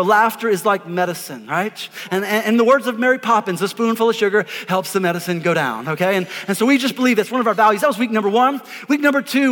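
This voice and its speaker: A man, a pastor preaching an energetic sermon, emphatic and repeating words as he calls on the congregation to answer. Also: high voice. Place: church auditorium before a congregation. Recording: live in a reverberant hall.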